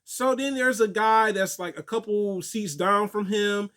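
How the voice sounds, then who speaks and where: A young man telling stories and answering viewer questions in a casual, animated way, laughing often. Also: high voice, unhurried. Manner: animated storytelling, laughs often, acts out quotes. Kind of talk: casual chat.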